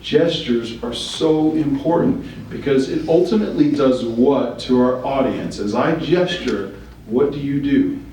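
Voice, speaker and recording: A man's voice: medium pitch, unhurried, dark tone, slight background noise. A man leading a training session, asking the group questions and giving feedback. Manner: coaching, asks the group questions. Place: training room. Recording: echoey room from far off.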